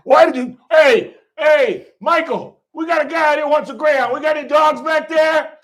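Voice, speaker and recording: A man voicing a loud, brusque, middle-aged Philadelphia bartender with a Philly accent, in a high strained shout. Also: normal speed. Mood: exasperated. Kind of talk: anecdote with a put-on voice.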